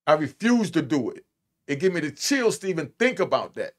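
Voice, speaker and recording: A man giving casual reaction commentary on played clips, with a blunt, emphatic streetwise way of talking and drawn-out stresses. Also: on the high side, very animated.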